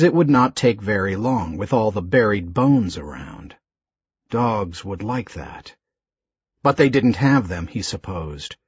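A man narrating an audiobook in a slow, measured, expressive reading. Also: medium pitch, breathy edge, no echo, dull audio.

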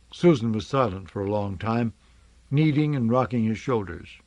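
Man with a lively reading voice. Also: lowish voice, normal speed, dry recording, muffled recording. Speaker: narrator. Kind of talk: audiobook narration.

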